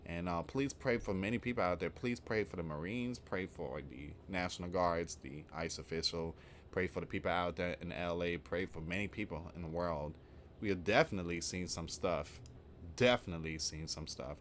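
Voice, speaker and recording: A man with a somewhat low voice hosts his own online news channel. He reads out the reports and then talks them over in a loose, rambling, casual way. A faint hiss sits under the recording. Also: normal speed, fairly bright tone.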